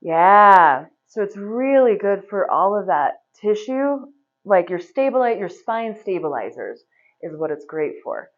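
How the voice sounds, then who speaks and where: A woman's voice: mid-range voice, unhurried. Woman guiding a yoga class, easygoing and chatty, kinda dull lo-fi sound. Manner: chatty, laughs often, relaxed instructions. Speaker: yoga teacher. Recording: slightly dull, lo-fi recording.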